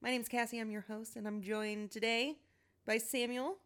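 A woman's voice: fairly high pitch, steady tone, normal speed, a bit bright. A woman from the Midwest hosting a podcast, telling stories in loose, profane casual chat with frequent laughs. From American Midwest. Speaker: podcast host.

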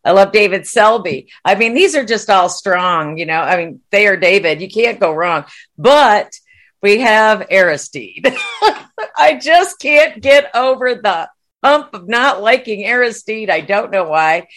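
A woman's voice: mid-range voice, lively intonation, measured pace, a bit bright. A woman co-hosting a podcast, chatting enthusiastically and bluntly and laughing easily. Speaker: podcast co-host. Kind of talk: casual discussion of a TV series.

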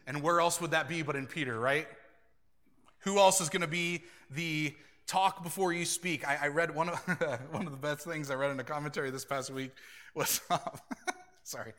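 A pastor delivers a sermon with a bright, forward voice that sits a little high for a man. He preaches earnestly, switching into animated quoted voices and breaking into easy laughter. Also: moderate pace.

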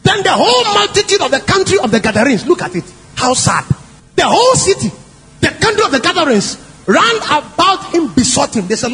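In a sermon, a male preacher with a very high voice speaks briskly in a lively, swooping way, stressing his points emphatically and repeatedly asking the congregation questions. Each phrase trails off into a long hall echo, with faint music underneath.

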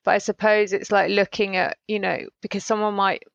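A woman's voice: mid-range voice, flat delivery, a little fast, gravelly, no echo, lo-fi sound. A woman co-hosting a podcast, talking casually in a thoughtful, hesitant way as she searches for words. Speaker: podcast co-host. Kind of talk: casual chat.

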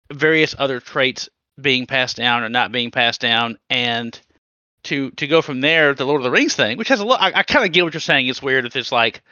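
A man co-hosting a podcast in casual chat, animated and swearing, with many restarts. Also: mid-range voice, no echo, highs cut off. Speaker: podcast co-host.

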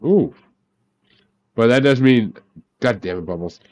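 A man's voice: medium pitch, lively intonation, measured pace, darkish tone. A man hosting a casual group podcast, talking with profane enthusiasm. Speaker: podcast host.

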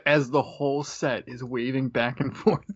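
A man's voice: mid-range voice, fairly even intonation, moderate pace, a little hiss or hum. A man co-hosting a podcast, chatting casually about a movie and explaining video game details with a laugh. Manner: knowledgeable game fan, laughs. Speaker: podcast co-host. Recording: dry lo-fi audio.

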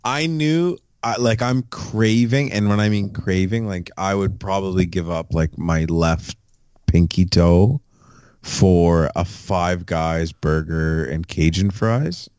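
A male podcast co-host with a very deep voice talks in a laid-back, profane way. The sound is dry and close to the mic, with no room behind him. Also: slow, a little mellow, clean tone, no room sound. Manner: profane, laid-back banter with sports betting picks. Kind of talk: casual chat.

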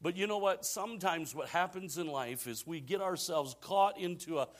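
A male pastor delivering a sermon in a church, talking to the congregation like a friend. His fairly high voice falls into easy repetitions, then rises to emphatic peaks. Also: moderate pace.

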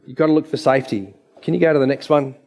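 A man's voice: medium pitch, a little fast, vocal fry, a little mellow, breathy edge. A man, a naturopath giving an emphatic, story-filled presentation with slides.

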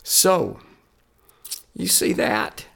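A man's voice: drawn-out words, fairly bright tone. A man, a Christian musician, telling stories in a podcast interview with an earnest, emphatic, preacher-like cadence.

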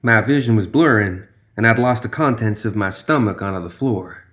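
A man's voice: on the low side, moderate pace, fairly bright tone. A man narrating a first-person horror story in a tense, dramatic way.

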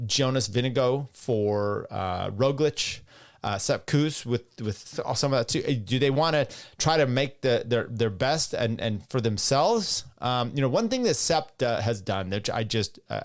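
A middle-aged man hosting a cycling podcast, rambling bluntly in casual solo commentary and reading listener comments aloud. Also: medium pitch.

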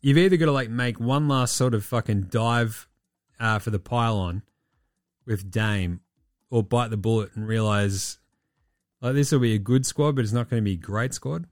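A man hosting a casual podcast, swearing and rambling, his voice going hoarse. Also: mid-range voice, normal speed, no echo, clean studio sound. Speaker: podcast host. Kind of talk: casual basketball chat.

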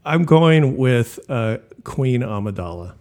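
A man's voice: medium pitch, expressive, takes it slowly, a little mellow. Blunt, profane man in casual chat. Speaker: podcast co-host.

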